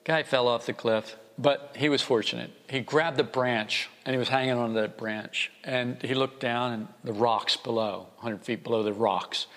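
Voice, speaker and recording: A man's voice: medium pitch, fairly even intonation, normal speed, hardly any pauses, fairly bright tone. A man preaching a conversational, wry sermon, often acting out the voices he quotes. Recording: long reverb.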